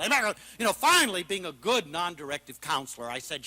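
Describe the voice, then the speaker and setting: Passionate male lecturer, high and bright, big dynamic swings between shouts and near-whispers. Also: a little fast, hardly any pauses. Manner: animated storyteller, swings from loud exclamations to hushed asides. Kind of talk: passionate public talk.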